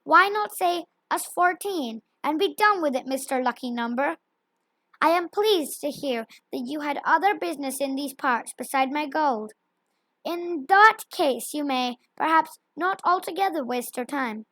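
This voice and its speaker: Gloating old male dragon, declaiming loudly, read by a woman, high, dry close mic. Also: animated, a little slow, no room sound. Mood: mocking. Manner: mocking and boastful, loud declaiming.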